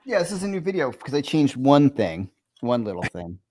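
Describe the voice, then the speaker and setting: A man's voice: medium pitch, very animated, moderate pace, noisy background. A man hosting a casual guitar chat from his home over a video call, rambling and poking fun at himself with lots of restarts. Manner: rambling and self-deprecating, full of restarts. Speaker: guitar teacher hosting the show. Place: room at home. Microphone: video call microphone.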